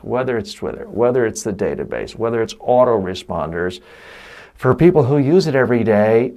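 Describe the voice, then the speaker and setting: A middle-aged man delivers a recorded lesson as the course instructor. His pitch sits in an ordinary middle range but swings widely as he stresses points. He acts out short quoted asides along the way. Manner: animated, emphatic teaching with quoted asides. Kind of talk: recorded lecture.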